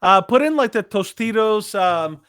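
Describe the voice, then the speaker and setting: A man with a fairly high voice talks through a casual podcast chat, stumbling over fillers and restarts as he hunts for words. He turns animated when he mocks something. The sound is dry and close, with no room around it. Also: unhurried, smooth, no room sound. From Latino heritage. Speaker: podcast co-host.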